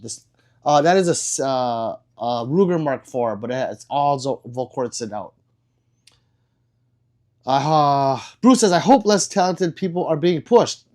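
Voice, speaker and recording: A man hosting a casual livestream and answering viewer comments in a blunt, profane and excitable way, with sudden loud outbursts. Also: mid-range voice, unhurried. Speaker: livestream host.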